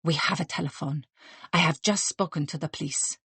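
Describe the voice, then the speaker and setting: A courtly, willowy restaurant manager, voiced by a woman for an audiobook, speaking in measured, decorous phrases. The voice sits low and slightly husky. It is recorded close and dry. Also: bright, forceful tone, dry recording, heavily acted. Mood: grave. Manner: formal, decorous, measured speech.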